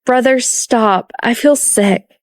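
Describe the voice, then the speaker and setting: A woman's voice: a little high, slow, dry recording, clean studio sound, voice pushed up. A woman voicing Sylvia, an impulsive, dramatic young woman detective, with an emphatic, exclaiming delivery.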